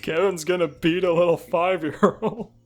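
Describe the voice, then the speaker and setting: A man's voice: sits high, fairly even intonation, normal speed. A man co-hosting a comedy podcast, chatting casually and riffing on the story with a chuckle. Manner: laid-back, chuckling, riffs on the story. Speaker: podcast co-host.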